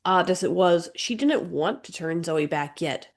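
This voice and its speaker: A woman narrating an audiobook in a measured, gentle storytelling manner. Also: on the low side, expressive. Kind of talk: scripted narration.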